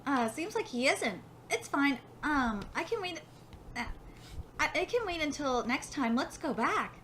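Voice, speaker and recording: A woman voicing a timid, lonely young girl in a manga read-aloud, speaking hesitantly and haltingly. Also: high voice, expressive, fairly bright tone, a little hiss or hum.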